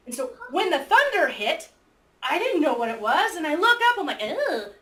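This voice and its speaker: A woman teacher telling a story to her class with lively energy, acting out both sides and breaking into squeals and shouts. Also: sits high, normal speed. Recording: echoey room, mic far off, faint noise.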